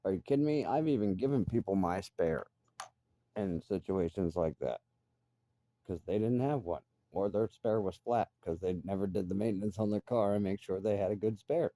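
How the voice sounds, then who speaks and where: A man's voice: on the low side, moderate pace, warm tone, dry recording. A middle-aged man ranting bluntly and profanely in a casual monologue. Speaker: vlogger.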